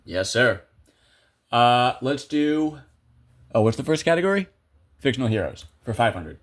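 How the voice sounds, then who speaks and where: A man's voice: mid-range voice, lively intonation, moderate pace, pauses often, fairly bright tone. A young man commentating a video game casually, chatty and self-amused, thinking aloud with lots of fillers. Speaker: gameplay video creator.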